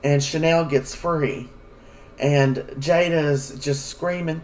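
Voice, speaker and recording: A man's voice: a little high, fairly even intonation, takes it slowly, a little mellow, far from the mic, rough recording. A man giving a casual, rambling recap of a soap episode, full of fillers. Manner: rambling, chatty, many fillers. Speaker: soap opera recap vlogger.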